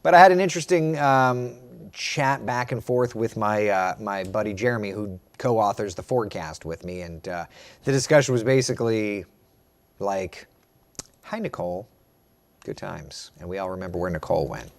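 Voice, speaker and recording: A meteorologist hosting a casual live morning chat, reading viewer comments aloud and answering them. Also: male voice, on the low side, normal speed. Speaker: meteorologist host.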